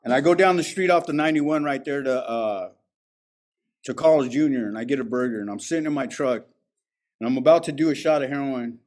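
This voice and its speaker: A man's voice: mid-range voice, a little fast, a little mellow. A man sharing his recovery story at a meeting, candid and profane in a streetwise way. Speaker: speaker at a recovery alumni meeting. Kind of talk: personal recovery testimony.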